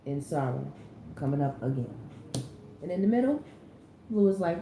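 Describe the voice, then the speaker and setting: A woman's voice: low-pitched, animated, moderate pace, pauses often, background noise. A woman reading tarot cards in a casual, chatty way, full of slang and repeated phrases for emphasis. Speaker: tarot reader. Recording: roomy echoey recording.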